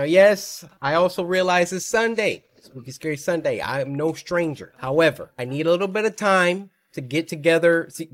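Playful, loud-quiet gaming vlogger man. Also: on the high side. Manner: playful, jokey, swings from loud shouts to mutters. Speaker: gaming YouTuber. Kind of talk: energetic gaming vlog intro.

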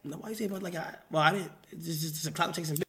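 Young man, streamer, high voice, bright tone, loud joking banter. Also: steady tone, racing. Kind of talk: casual chat with friends on a livestream.

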